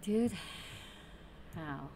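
A woman's voice: low-pitched, expressive, very slow, vocal fry, heavy background noise. A woman host casually commenting on her Minecraft play, chatty and playful, talking to the game's characters. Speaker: gaming channel host.

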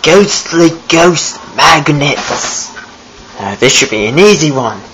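A young man playing himself as an excitable ghost in a put-on British accent. He makes loud, drawn-out announcements. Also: fairly high pitch, pitched above the performer's own voice, poor audio. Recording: hissy home camera audio, off-mic.

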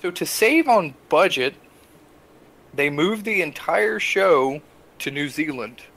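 A young adult man co-hosting a casual podcast, telling a story with animated, exasperated asides. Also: a little high, takes it slowly, gravelly. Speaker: podcast co-host.

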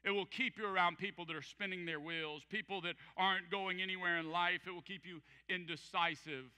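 Man, pastor, sermon, high pitch, very bright tone, emphatic, long church reverb. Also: fairly even intonation, a little fast, clean tone. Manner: emphatic, repeats lines, acts out quoted voices. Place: large church hall.

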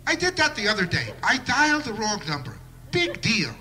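A man's voice: high-pitched, wildly swooping pitch, moderate pace, pushed and bright. A man doing a live stand-up routine with a wry observational delivery and bursts of mock outrage. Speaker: stand-up comedian.

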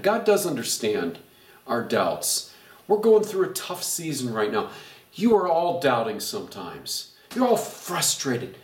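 A middle-aged male pastor leading a Bible study and closing in prayer, speaking in a gentle, reassuring way. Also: medium pitch. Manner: gentle reassuring preaching, quotes God softly. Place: church. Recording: echoey room, voice from far off mic.

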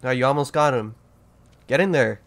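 Man, gaming commentary, trash talk, swearing, excitable, faint noise in the background. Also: mid-range voice, normal speed. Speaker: gaming YouTuber. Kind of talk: let's-play commentary.

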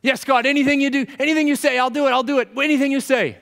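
A man voicing a panicked man dangling from a cliff branch, yelling and pleading in a raised, strained voice in an echoey hall. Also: very high-pitched, steady tone, rapid-fire, gravelly, pitched above the performer's own voice, exaggerated voice. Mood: desperate.

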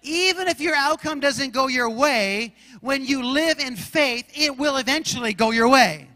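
An Arizona pastor preaches a sermon, telling stories with animation and acting out shouts and roars. His voice is very high and unhurried, echoing as if in a large hall.

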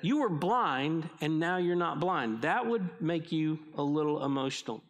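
A man's voice: a little high, expressive, a little slow. A middle-aged male pastor preaching a conversational sermon, often restarting his sentences as he goes.

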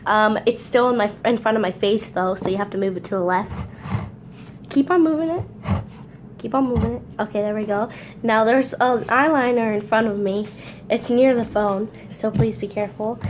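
Giggly high-voiced young woman. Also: normal speed, dull audio. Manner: giggly, laughing often. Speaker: vlogger. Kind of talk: casual challenge video chat. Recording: noisy home recording.

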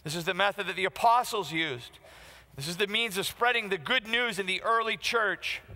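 Male pastor, middle-aged, punchy conversational sermon; bright, tense tone; long hall reverb. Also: high-pitched, moderate pace. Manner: emphatic, conversational preaching with direct questions to the congregation.

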